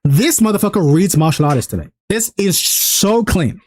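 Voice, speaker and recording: Speaking at a normal speed, a man reacts casually on stream to a game trailer. He's excited and swears freely, his voice rising in pitch and volume as he gets hyped.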